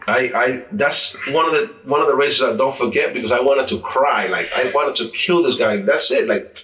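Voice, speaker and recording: A man's voice: medium pitch, normal speed, pushed and bright, far from the mic. A man from the New York area, an interviewee telling casual stories, who acts out quoted dialogue and often restarts his words. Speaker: interviewee, former street racer. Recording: roomy sound, mic set back from speaker.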